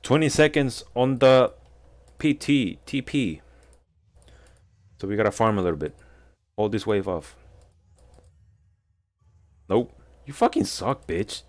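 A man with a fairly low voice gives casual, unscripted commentary over his gameplay. He swears constantly and grumbles in frustration, trash-talking his opponents as he plays. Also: expressive, slow pace, long pauses. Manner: profane, frustrated trash talk. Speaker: gameplay streamer.

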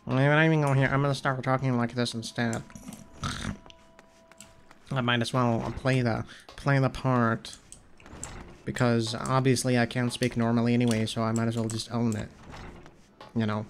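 A man's voice: medium pitch, flat delivery, moderate pace, long pauses, slight background noise. A man with a stuffy, blocked-up nose, rambling and swearing as he plays a video game. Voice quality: nasal, blocked-up. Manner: profane, rambling, grumbling at the game. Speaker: gaming streamer. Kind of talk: casual gameplay commentary. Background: faint game music and keyboard typing.

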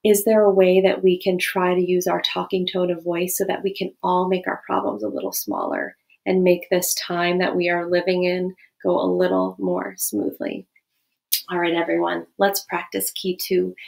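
A woman teaching a lesson to children and families in a gentle, questioning way. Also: fairly low pitch, normal speed, gravelly. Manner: gentle, questioning, animated demonstrations.

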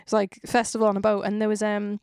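A woman's voice: medium pitch, monotone, fast, a little mellow, smooth, no room sound, studio quality. A young woman with a Northwest English accent hosting a casual podcast interview, chatty and rambling, swearing now and then. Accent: Northwest England, Cheshire. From England. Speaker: podcast host.

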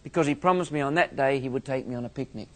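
A man's voice: mid-range voice, fast talker, a bit bright. A man from Australia with an Australian accent, a minister giving a theology lecture full of humorous, self-mocking stories.

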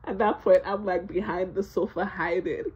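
A young woman telling a storytime vlog, animated, laughing and swearing a lot, with plenty of fillers. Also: lowish voice, moderate pace, dull audio. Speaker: vlogger.

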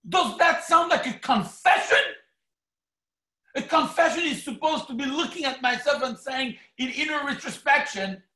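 A rabbi preaching in a synagogue hall, his voice high and swinging widely as he acts out quotes. His tone is bright and carries a roomy echo. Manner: animated, theatrical preaching with mock quotes. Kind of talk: sermon. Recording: echoey hall.

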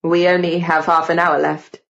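Woman doing calm young man, brisk and matter-of-fact, low pitch, muffled sound. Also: gravelly.

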